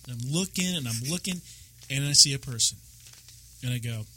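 A man's voice: mid-range voice, fairly quick, long pauses, a little hiss or hum. A man telling a story in a casual chat, laughing often. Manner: animated storytelling with frequent laughs.

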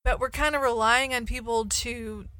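Bright-voiced woman podcast co-host. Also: on the high side, steady tone, moderate pace, no echo. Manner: chatty, explains ideas at length. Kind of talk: casual chat.

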